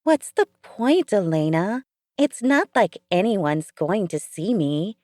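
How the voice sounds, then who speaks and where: A morose, withdrawn pregnant woman, as a woman narrator puts her on, her voice pitched well above a plain reading voice. She sounds listless and weary of everything. The sound is close and dry. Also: big pitch swings, slow, a little mellow, no echo.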